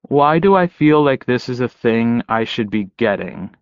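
A man voicing a blunt, dry-humored werewolf man in an audiobook, low and quiet. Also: lively intonation, unhurried, smooth, dry recording, dull audio. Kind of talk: audiobook character voice.

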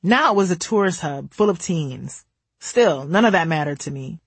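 A woman's voice: fairly low pitch, expressive, normal speed, slightly rough, no room sound. A woman from the United States, narrating her own memoir in a candid, wry way.

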